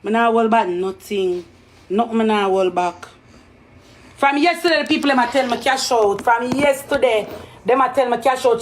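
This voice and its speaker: A high-pitched Jamaican woman on a live stream, hammering the same accusations over and over and breaking into loud shouts. Her voice rings around an echoey room. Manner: accusing, repetitive, loud outbursts. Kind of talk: heated live-stream rant.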